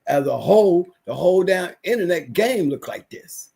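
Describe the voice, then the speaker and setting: A man with a notably high voice holds forth on a livestream. He rants emphatically, often circling back and repeating his points. He has been unwell lately. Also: animated, moderate pace, gravelly, warm tone, slightly rough. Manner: ranting, repetitive, emphatic. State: recovering from illness. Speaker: livestream guest. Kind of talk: casual livestream rant.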